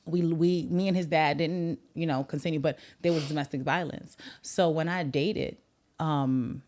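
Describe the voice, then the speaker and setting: A woman in her thirties hosts a podcast and shares her own story in a candid, reflective way, her voice sitting on the low side. She turns lively and animated whenever she retells a conversation. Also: moderate pace. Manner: earnest, reflective, animated when retelling others' words. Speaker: podcast host.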